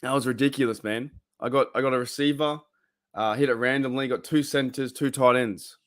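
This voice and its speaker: Young aussie bloke on a livestream, mid pitch, rambly casual chat, reads out the chat. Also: male voice, fairly even intonation, brisk. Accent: Australian. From Australia. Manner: rambling, reads chat aloud, loose and chatty. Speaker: livestream host.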